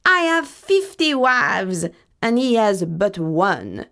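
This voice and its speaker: A woman's voice: mid-range voice, sing-song, vocal fry, fairly bright tone, full character voice. A woman doing a proud, boastful cockerel. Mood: smug. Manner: smug, slow and boastful.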